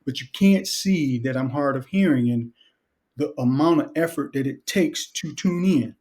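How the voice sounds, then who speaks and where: A middle-aged man from Detroit, a guest author and educator, talking casually in an interview with a relaxed, joking, reflective manner. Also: medium pitch, moderate pace. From Detroit, Michigan.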